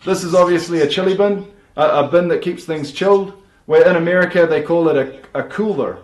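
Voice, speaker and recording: A man's voice: a little high, a little fast. Dry-humored New Zealand man, roomy sound. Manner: dry, offhand, hesitant with fillers. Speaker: comedic video maker. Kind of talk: comedic explainer video.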